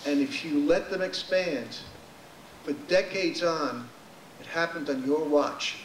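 A man's voice: on the high side, takes it slowly, far from the mic, slight background noise. Nervous but blunt man, off-mic. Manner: nervous start, blunt and emphatic. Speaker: public commenter. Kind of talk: public comment speech. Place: legislature chamber. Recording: echoey chamber, speaker off-mic.

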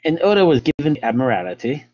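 A man with a put-on British accent, voicing a formal British naval captain by reading his old letter aloud in a measured way. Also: on the high side, big pitch swings, a little mellow, lo-fi sound, slight background noise, pitched above the performer's own voice.

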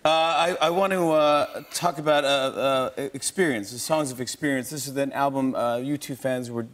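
Excitable laughing talk show host. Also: male voice, medium pitch, normal speed. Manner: excitable, laughing, repeats words. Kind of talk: animated comic storytelling. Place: TV studio with live audience.

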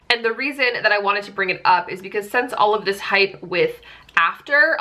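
Bright-voiced chatty young woman vlogger. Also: mid-range voice. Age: 20s. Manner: chatty, full of "like" and amused disbelief. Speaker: book vlogger. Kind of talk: casual chat to camera.

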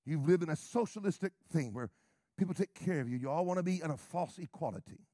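A middle-aged American man, a pastor, preaching a brash, sarcastic sermon that swings from quiet asides to shouts. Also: fairly high pitch, expressive, quick pace, no room sound, studio quality. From United States.

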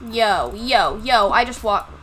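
A high, bright young woman's voice with a lively, swooping pitch, unhurried as she chats through a live game stream. She breaks into high yelps when things go wrong. Faint music plays underneath. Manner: chatty, bursts into high yelps when losing. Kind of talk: live gaming stream chat.

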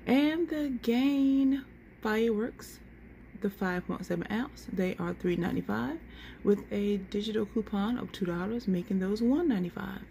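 A woman's voice: medium pitch, moderate pace, vocal fry, mellow, slight background noise. A woman vlogger walking viewers through coupon deals item by item in a chatty, casual way. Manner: chatty, lists prices item by item, says y'all. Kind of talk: casual deal walkthrough to camera.

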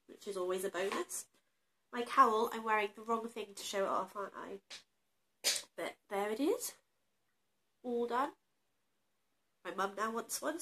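A woman's voice: mid-range voice, bright, forceful tone. A woman with a stuffy, nasal voice from a cold, chatting casually and self-deprecatingly as she shows off her crochet projects. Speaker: crochet vlogger. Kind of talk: casual show-and-tell chat.

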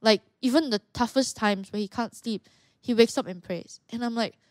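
A young Malaysian woman, a martial arts fighter, talks earnestly and at length as a guest on a casual podcast, often restarting her sentences. Her voice sits on the high side at a moderate pace. The studio-quality recording has no echo.

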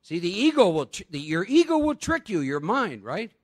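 A man's voice: high-pitched, big pitch swings, normal speed. A man speaking at a live recovery workshop, chatty and quizzing his audience with rhetorical questions.

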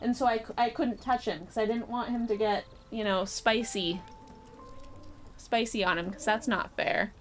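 A woman's voice: fairly high pitch, steady tone, moderate pace, faint music behind. A woman streaming a game live, chatting casually with viewers and cooing at her cat.

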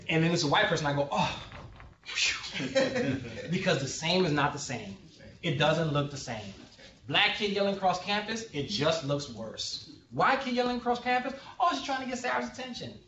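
This sociologist's fairly high, highly animated voice carries a relaxed, jokey lecture at a moderate pace, with occasional check-ins with listeners. The audio is distant and muffled, like it was caught across a reverberant room, with a little background noise.

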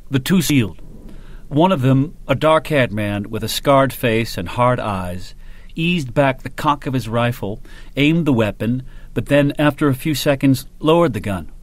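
Steady male audiobook narrator. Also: mid-range voice. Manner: steady, measured storytelling. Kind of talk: scripted narration.

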